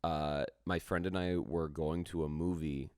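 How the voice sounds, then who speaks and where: A man's voice: extremely low pitch, fairly even intonation, unhurried, clear, resonant tone, no echo, clean studio sound. A man co-hosting a podcast in casual chat, telling a long rambling story and swearing freely. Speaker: podcast co-host.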